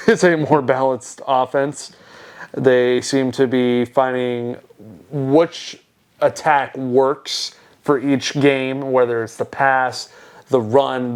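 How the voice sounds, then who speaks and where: A man's voice: mid-range voice, clear, resonant tone. Give me a young man telling a laughing story on a podcast. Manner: laughing storyteller, mimics voices in his anecdotes. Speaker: podcast co-host. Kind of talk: casual chat.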